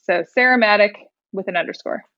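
This Indiana songwriter and rapper in her twenties talks fairly quickly in a mid-range voice while telling a story as a podcast guest. She's an animated storyteller who performs the voices she quotes and laughs often. There's no room sound, and the highs are cut off.

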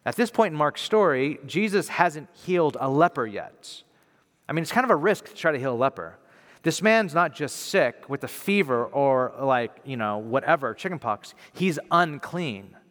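Guy preaching casual style in a church hall, gets quiet for emphasis, lots of echo. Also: fairly high pitch, normal speed. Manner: conversational, animated, drops to soft emphasis. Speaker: pastor. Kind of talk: sermon. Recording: reverberant hall.

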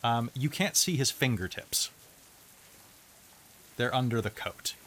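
A man running a tabletop role-playing game as game master, narrating in a relaxed, chatty way with frequent fillers. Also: medium pitch, takes it slowly, slight background noise.

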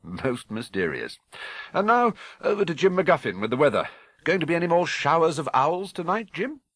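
A British man voicing a polished television newsreader with a smooth, wry broadcast delivery. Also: a little high, sing-song, normal speed, fairly bright tone, no room sound, studio quality, pitched above the performer's own voice. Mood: newsy.

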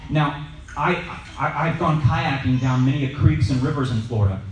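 A man's voice: on the high side, normal speed, a little hiss or hum. A man casually teaching a Bible study to a group, telling stories and asking the listeners questions. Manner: lively, storytelling, asks the audience questions. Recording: echoey room, mic at a distance.

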